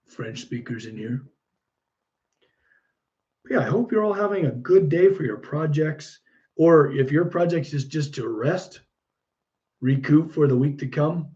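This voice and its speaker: A man in a relaxed, easygoing live-stream chat, thinking out loud as he works on miniatures and talks to viewers. His voice sits at an ordinary middle pitch, and the stream audio comes through a little dull and lo-fi. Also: a little slow, pauses often. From United States. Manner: relaxed, musing aloud while painting, chatting with viewers. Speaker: livestream host painting miniatures.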